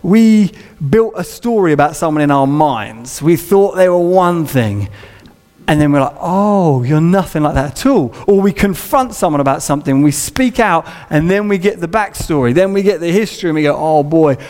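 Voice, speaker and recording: A man's voice: on the high side, expressive, moderate pace, a little mellow. A man preaching a sermon in a church, conversational and humorous, acting out little scenes. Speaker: pastor. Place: church auditorium. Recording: long reverb of a large hall.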